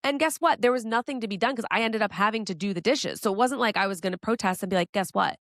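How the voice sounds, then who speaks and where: A woman's voice: on the high side, fast talker, dry recording. Woman podcast host giving relationship advice, frank and casual, swears now and then, dead dry mic. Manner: candid, conversational, swears casually.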